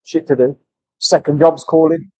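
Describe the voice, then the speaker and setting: A man's voice: fairly high pitch, fairly even intonation, normal speed, mellow, dry recording. A man chatting casually at work as a tattoo artist, swearing freely and telling rambling stories. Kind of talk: casual chat while working. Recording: dull lo-fi recording.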